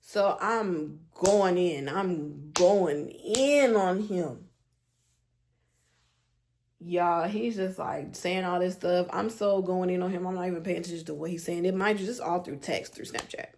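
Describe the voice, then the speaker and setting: Young adult woman, vlogger, storytime, animated, slangy, exasperated. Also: lowish voice, unhurried, slight background noise. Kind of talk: storytime vlog.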